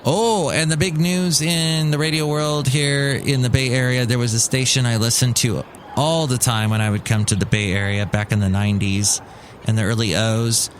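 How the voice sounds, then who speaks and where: A man's voice: mid-range voice, fairly even intonation, moderate pace. A middle-aged man in a mid-range voice talks alone into his mic, wry and grumbling. He mocks other people in put-on voices, and a faint hiss sits under his casual chatter. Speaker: podcast host. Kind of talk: casual solo monologue.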